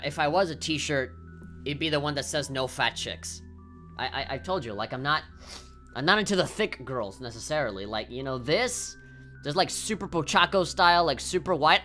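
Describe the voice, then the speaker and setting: A woman's voice: deep voice, fairly bright tone. A woman game streamer ranting on a livestream, swearing often and heated, with lots of fillers.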